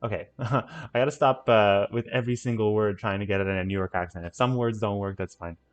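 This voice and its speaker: A man's voice: on the low side, a little fast. A man giving casual let's-play commentary on a city-building game, rambling and correcting himself with playful asides. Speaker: gaming channel host.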